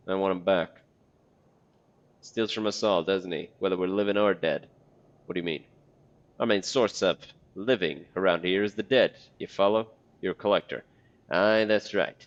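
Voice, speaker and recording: A man's voice: deep voice, normal speed, long pauses, close to an everyday voice. A man voicing a blunt, secretive male corpse collector in a game, on a dull lo-fi recording. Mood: shady.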